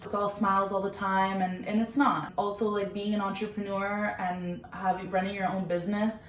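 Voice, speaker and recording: A woman's voice: medium pitch, level tone, moderate pace. A young woman chatting casually and earnestly about her own story, with many fillers. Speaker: vlogger, small business owner. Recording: roomy echo, faint background noise.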